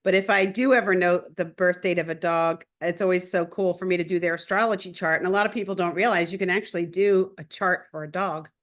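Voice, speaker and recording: A woman hosting a casual interview, telling lively stories and laughing often as she talks about astrology and animals. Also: lowish voice, fast talker, hardly any pauses. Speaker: host and astrologer.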